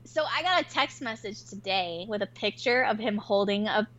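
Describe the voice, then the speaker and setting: A woman co-hosting a podcast, telling a story in a casual, animated way with plenty of swearing. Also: mid-range voice, lo-fi sound. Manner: animated, profane, quick-tempered storytelling. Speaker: podcast co-host.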